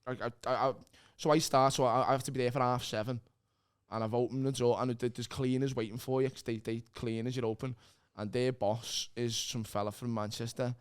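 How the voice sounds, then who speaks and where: A man's voice: medium pitch, flat delivery, a little fast, smooth. A young man, a guest comedian telling rambling, sweary stories in casual podcast chat and laughing as he goes.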